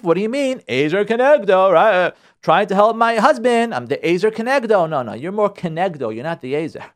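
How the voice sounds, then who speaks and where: A man giving a lively sermon as a rabbi, repeating his phrases and acting out nagging spouses. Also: high-pitched, a little fast, few pauses. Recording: radio broadcast.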